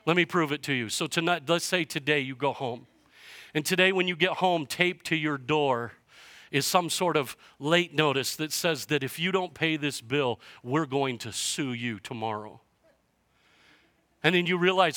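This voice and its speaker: A man preaching a sermon as pastor to his church, passionate and swinging from hushed to loud. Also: on the high side, unhurried, no room sound. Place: church sanctuary.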